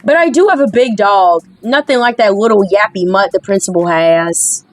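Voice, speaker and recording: A woman voicing a prickly young gardener lad in a dating game, short and irritable with everyone. The voice sits fairly high and sounds dry and close, with no room around it, and faint music plays underneath. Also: normal speed, dry recording, lightly acted. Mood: curt. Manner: curt, irritable.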